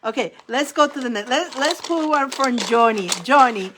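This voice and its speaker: Chatty lady tarot reader on a live stream, kinda high voice, laughs a lot, keeps repeating mantras. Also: animated, normal speed, noisy background. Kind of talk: live-stream card reading.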